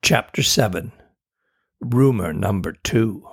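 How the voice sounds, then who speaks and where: A man reading a children's chapter book aloud in a steady, deliberate way. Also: fairly low pitch, creaky, husky. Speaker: narrator.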